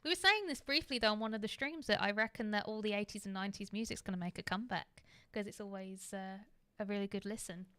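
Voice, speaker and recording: A woman's voice: mid-range voice, fast, few pauses, bright, forceful tone, clear, resonant tone, no echo. A giggly, chatty woman co-hosts a casual livestream. The sound is dry and close. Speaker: co-host of a movie news livestream. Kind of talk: casual chat.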